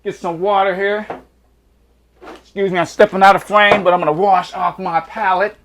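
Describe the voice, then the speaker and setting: A man's voice: high-pitched, level tone, normal speed, a bit bright, a little hiss or hum. A man hosting a home cooking vlog, hyped and slangy, drawing out catchphrases while taste-testing in his kitchen. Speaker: cooking show host.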